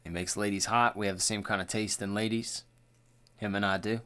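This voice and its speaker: A man's voice: on the low side, a little fast, clear, resonant tone. A young man co-hosting a podcast, talking casually and profanely, acting out quotes. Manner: animated, profane, acts out quoted lines. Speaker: podcast co-host. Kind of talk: casual chat.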